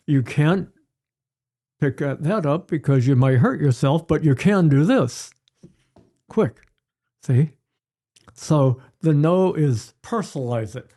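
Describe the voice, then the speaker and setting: An older man, a pediatrician guest, giving parenting advice in an unhurried storytelling way. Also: a little high, lively intonation, mellow. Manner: unhurried, storytelling, acts out examples. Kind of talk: advice-giving interview chat.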